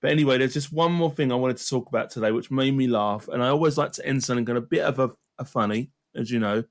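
A man's voice: mid-range voice, quick pace. A man co-hosting a football podcast, reading out listener messages in a laid-back, amused way. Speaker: podcast co-host. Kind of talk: casual football chat.

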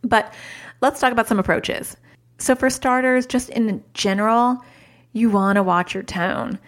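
A woman in her thirties hosting a parenting podcast, talking casually, chatty and self-mocking, mixing advice with stories from home, into a studio mic. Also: mid-range voice. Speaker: podcast host and parenting coach.

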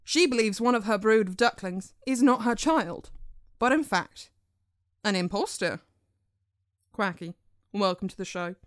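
A woman playing a loud, brash male talk-show host in a comedy sketch. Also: animated, measured pace, long pauses, no room sound, studio quality, close to an everyday voice. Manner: booming, brash.

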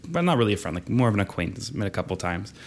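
A young man from Canada who teaches drama, talking casually in an interview, relaxed and chatty with frequent laughs. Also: on the low side, very fast, slight background noise. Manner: relaxed and chatty, laughs often, acts out quoted voices.

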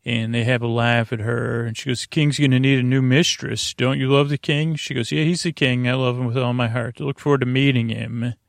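A podcast host recaps an episode in a casual, rambling way, halting with lots of "uh" fillers and restarts and quoting characters in a plain voice. His voice is mid-range and gravelly, with fairly even intonation. The sound is clean studio audio with no room sound.

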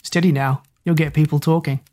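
Woman doing a calm teenage boy hero. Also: sits low, brisk, lightly acted. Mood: reassuring. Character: steady, good-humoured teenage boy hero.

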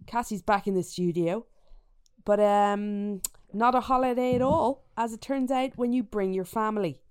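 A woman hosts a podcast in a casual chat, joking and laughing easily. Her voice is smooth and clear, recorded dry and close, over a remote call from a rented holiday home. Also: mid-range voice, normal speed, no echo. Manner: chatty, laughs often, jokey. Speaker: podcast host.

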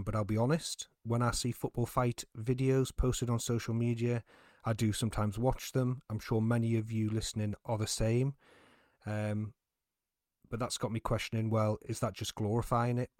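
A man hosting a football podcast, relaxed and casual, with frequent ums. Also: mid-range voice, no room sound, studio quality. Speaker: podcast host.

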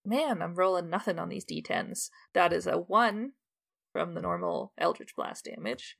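Gravelly-voiced woman player. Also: on the low side, huge pitch swings, moderate pace, a bit bright. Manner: chatty, giggly. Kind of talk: casual tabletop game play.

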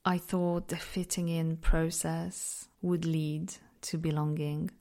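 A woman's voice: sits low, flat delivery, takes it slowly, mellow. A woman from Poland with an accent that mixes Polish and British, hosting a reflective solo podcast in a candid, self-deprecating way, laughing often. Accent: mixed Polish-British. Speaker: podcast host.

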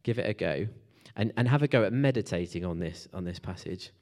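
A man's voice: deep voice, expressive, fairly quick, a little mellow. A man preaching a casual, conversational sermon to a church group, with fillers and restarts.

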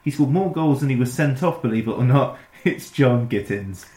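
A man's voice: medium pitch, lively intonation, normal speed, dark tone. Host: man, reads set-up lines with a teasing reveal, roomy echo. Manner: reads prepared player intros, teasing reveal. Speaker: podcast host. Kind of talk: scripted quiz-style introductions and chat.

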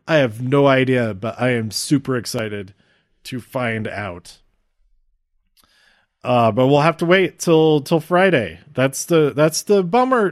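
A man's voice: medium pitch, no echo, clean studio sound. A man giving a casual, enthusiastic and rambling recap of a wrestling show as its reviewer. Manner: enthusiastic, rambling fan talk.

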